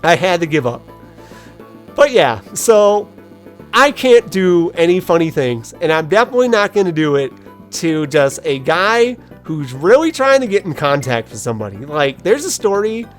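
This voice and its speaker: Animated woman telling stories over gameplay. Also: on the low side, moderate pace, faint music behind. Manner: animated storytelling, self-deprecating, laughs often. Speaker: gaming video host. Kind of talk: casual let's play commentary.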